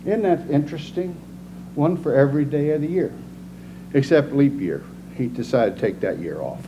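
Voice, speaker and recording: A man's voice: fairly high pitch, moderate pace. A man preaching a folksy, plainspoken sermon with jokes in a church. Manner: joking, animated, plainspoken. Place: church sanctuary. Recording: dull lo-fi sound with loud noise.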